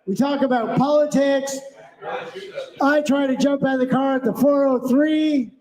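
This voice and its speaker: A man's voice: very high-pitched, fairly even intonation, normal speed. A male host and MC joking crudely on a club stage before introducing the next comic. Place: comedy club stage with audience. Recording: roomy club with a loud crowd.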